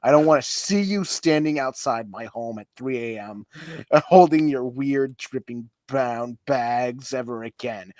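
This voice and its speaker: Guy reading cringey posts out loud, all theatrical, cracks up a lot, dry close mic sound. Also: mid-range voice, unhurried, dry recording. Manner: breaks into laughter while reading; theatrical, over-the-top delivery. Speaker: podcast co-host. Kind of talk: comedic dramatic reading of online posts. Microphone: home mic on an online stream call.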